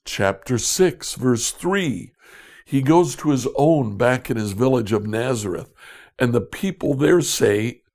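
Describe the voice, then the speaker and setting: Slow, gravelly man teaching scripture. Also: on the low side, animated. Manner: deliberate, repeats questions for emphasis. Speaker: Bible study teacher.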